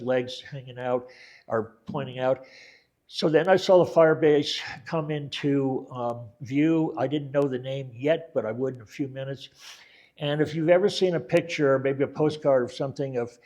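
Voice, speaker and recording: An older man telling his war story in a relaxed oral-history talk, wandering and correcting himself as he goes, with many fillers and dry quoted lines. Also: mid-range voice, moderate pace. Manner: rambling, backtracks and self-corrects, many fillers.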